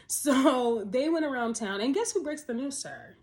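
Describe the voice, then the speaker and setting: Woman, TV recap, chatty, animated, laughs a lot, slightly high voice. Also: normal speed. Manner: animated, chatty, laughs often, rhetorical questions. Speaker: TV episode reviewer. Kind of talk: casual spoken episode recap.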